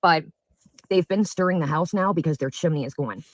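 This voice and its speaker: A man's voice: fairly high pitch, fairly quick, no echo. A man in a casual home vlog, rambling chattily while tasting food. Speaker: food vlogger.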